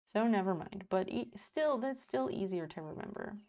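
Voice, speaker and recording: A woman's voice: mid-range voice, animated, normal speed, a little mellow. A woman in her thirties, a live streamer, chatting casually and rambling while she reads her chat aloud and swears freely. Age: 30s.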